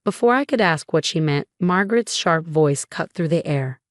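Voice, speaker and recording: A woman narrating a first-person story in an even, measured way. Her voice sits on the low side, recorded close and dry with no room sound. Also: dry recording.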